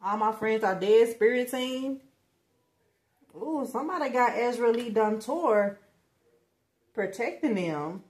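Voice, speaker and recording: A woman's voice: fairly high pitch, lively intonation, slow pace, long pauses, darkish tone. A woman giving a casual tarot reading who talks bluntly and swears a lot, speaking straight to her viewers in slang. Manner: slangy, emphatic, bursts of laughter. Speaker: tarot reader.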